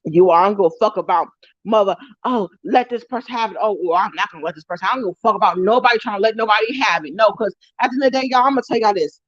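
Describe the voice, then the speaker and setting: A woman goes off on a live stream, heated and cursing, circling back to the same insults over and over. Her voice sits at an ordinary pitch, and the sound is dry and a little dull, with no room around it. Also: very fast, no echo. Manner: heated, repetitive, profane ranting. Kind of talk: angry ranting live stream.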